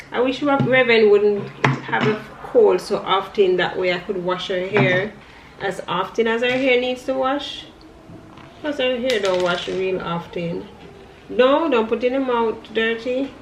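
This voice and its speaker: Slow-talking mom with lilt. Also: female voice, a little high. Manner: playful, coaxing, laughs often. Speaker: vlogger mom. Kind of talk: casual home vlog, talking to her toddler. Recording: echoey room, faint background noise.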